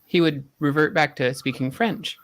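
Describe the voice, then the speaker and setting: Chatty, slightly high-voiced man. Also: normal speed, a bit bright. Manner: chatty, self-deprecating. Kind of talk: casual tech livestream chat.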